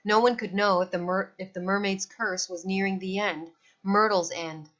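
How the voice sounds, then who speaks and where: Reading from a children's novel, a woman uses an expressive, storytelling manner at normal speed and medium pitch. The audio quality is a little dull.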